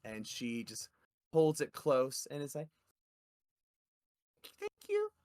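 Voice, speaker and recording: A man's voice: mid-range voice, unhurried, darkish tone, clean tone. A man narrating as game master in a tabletop role-play, in a casual, loose way with many fillers.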